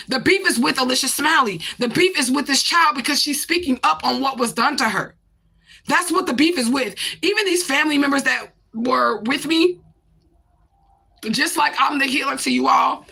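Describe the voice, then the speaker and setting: High-pitched, gravelly-voiced woman streaming. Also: pushed and bright. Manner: raw, repetitive, heavy swearing; addresses viewers directly. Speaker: livestreamer. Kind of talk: emotional livestream monologue.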